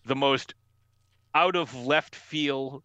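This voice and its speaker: A young man co-hosting a casual movie podcast, animated and acting out scenes in mocking voices. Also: medium pitch, drawn-out words, smooth, dry recording, muffled recording. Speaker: podcast co-host. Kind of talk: casual movie review chat.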